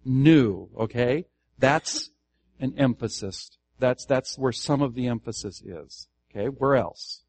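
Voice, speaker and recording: An earnest man leads a Bible study for a church group, often restarting his phrases and asking the room questions. His voice is of middling pitch and sounds close and dry, with no room echo. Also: a little slow. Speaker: Bible teacher. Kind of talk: Bible study teaching to a congregation.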